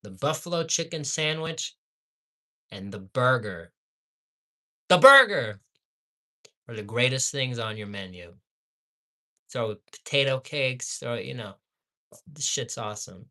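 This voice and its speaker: A man reviewing fast food in a profane rant, repeating insults and swinging between low muttering and loud yelling. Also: expressive.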